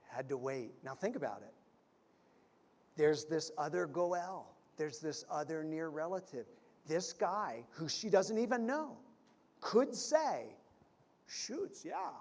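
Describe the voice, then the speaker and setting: A man preaching a sermon as pastor, telling stories and swinging from loud to hushed. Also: a little high. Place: church sanctuary. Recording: reverberant church hall.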